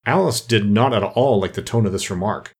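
Husky, expressive audiobook narrator. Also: male voice, on the low side, fairly quick. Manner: expressive, varied delivery.

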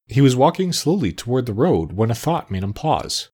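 A man narrating a children's storybook with an expressive, animated reading. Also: mid-range voice, normal speed, breathy edge.

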